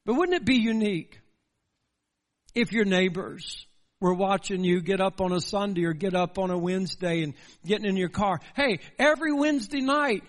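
A man's voice: sits high, fairly even intonation, normal speed, in a large hall. A man preaching a sermon in a church, earnest and building through repeated rhetorical questions. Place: church sanctuary.

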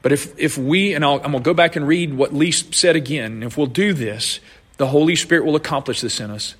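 A man's voice: a little high, a little fast, husky, big-room sound. A man preaching a sermon as pastor, earnestly explaining scripture and often restarting his phrases.

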